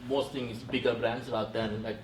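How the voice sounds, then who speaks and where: A man's voice: medium pitch, flat delivery, normal speed. A man on a panel, explaining hesitantly with many fillers. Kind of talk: panel discussion. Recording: echoey room, distant, noisy.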